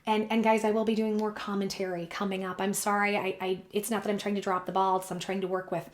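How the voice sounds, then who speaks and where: A woman's voice: medium pitch, flat delivery, fast talker. A woman talking casually to her viewers, her voice strained and worn, chatty and earnest. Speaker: vlogger giving predictions. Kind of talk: casual talk to camera. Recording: echoey room.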